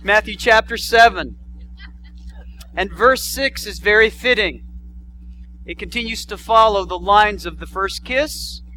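A middle-aged man, a pastor, giving a sermon and telling a story with animated delivery. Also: high-pitched, unhurried, pauses often, a little hiss or hum, poor audio. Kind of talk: sermon with a told joke story.

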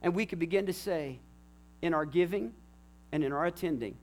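A middle-aged male pastor delivering an impassioned sermon, dropping to a hush and then building to shouts. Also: a little high, normal speed, a little hiss or hum. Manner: impassioned preaching, swings from hushed to shouting.

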